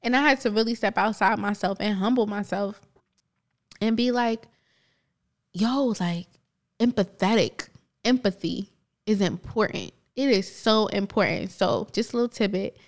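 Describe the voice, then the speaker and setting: Medium-pitched and animated at normal speed, a New Jersey woman co-hosting a podcast relates her personal stories casually and motivationally. Frequent laughter punctuates them, and she imitates the other voices.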